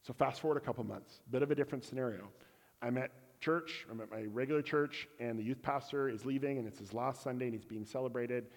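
Candid preacher in an echoing hall. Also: male voice, medium pitch, fast, gravelly. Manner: candid, self-deprecating, acts out dialogue. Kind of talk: storytelling sermon. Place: church.

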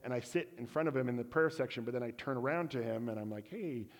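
Preaching at a quick pace in a middle-pitched voice, a man tells a story-driven sermon with candor and self-mockery, voicing the characters in his tale. The long reverb of a church sanctuary hangs on every word.

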